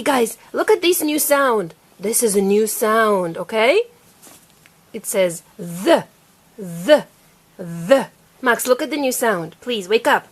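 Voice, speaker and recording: High-voiced mother coaxing a child to read. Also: slightly rough. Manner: patient, coaxing, repeats sounds slowly. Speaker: parent teaching her child to read. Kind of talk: home reading lesson.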